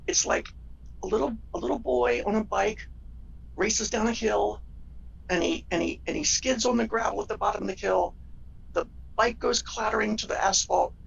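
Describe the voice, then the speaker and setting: A woman's voice: fairly high pitch, creaky, husky, distant mic, muffled recording. A woman guest in an interview, speaking earnestly and telling stories, acting out the voices of the people in them. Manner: earnest, tells stories, acts out quoted voices. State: tearful. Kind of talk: interview conversation.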